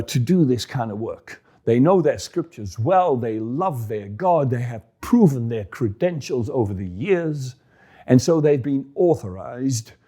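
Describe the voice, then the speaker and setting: A man's voice: medium pitch, warm tone, breathy edge. Man retelling a scripture story casually. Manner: casual, explanatory, with asides.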